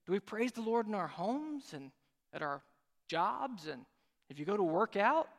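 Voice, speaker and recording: A man's voice: high voice, very animated, moderate pace, gravelly. A man preaching a sermon as pastor, conversational and joking now and then. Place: large church sanctuary. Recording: reverberant hall.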